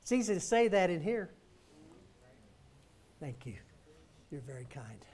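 High-voiced man preaching a story sermon. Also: big pitch swings, a little slow, darkish tone. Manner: emphatic, calls the congregation to respond. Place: church.

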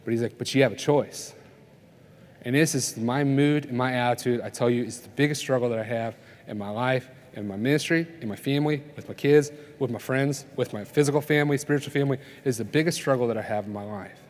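A man's voice: medium pitch, fast. Guy preaching at a conference, chatty, keeps asking "right?", echo hangs in the big hall. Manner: conversational preaching, tells stories, asks the crowd "right?". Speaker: speaker at a family conference. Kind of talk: sermon. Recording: long reverb of a conference hall.

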